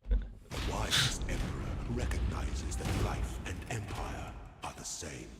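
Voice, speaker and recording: An actor voicing a grand, solemn male narrator of an empire in a video game, with a slow, proclamatory delivery. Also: sits low, big pitch swings, creaky, roomy sound, very noisy, exaggerated voice. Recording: game voice with loud music. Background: loud game music.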